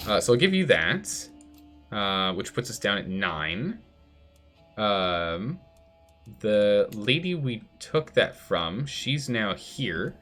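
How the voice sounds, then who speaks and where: A man's voice: fairly low pitch, very animated, takes it slowly, fairly bright tone, soft background music. A man streaming a strategy game live, chatty, thinking aloud and answering chat as he plays. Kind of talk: live gameplay commentary.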